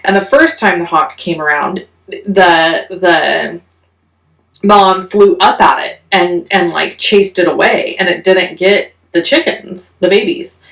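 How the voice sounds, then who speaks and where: A woman vlogger telling a story in a casual, animated, self-mocking way. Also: lowish voice, slow, reverberant, far from the mic. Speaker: crafting vlogger.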